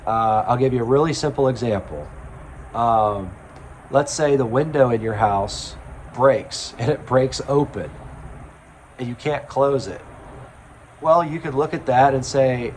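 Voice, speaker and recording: A man speaking as a spiritual self-help speaker, in a slow, earnest, reflective monologue with pauses and ums. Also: mid-range voice, a little hiss or hum.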